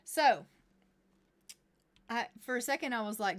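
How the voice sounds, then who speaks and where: A woman's voice: medium pitch, very animated, normal speed. A woman streaming a life-simulation game, chatting along and narrating what her characters say. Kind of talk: live gameplay commentary.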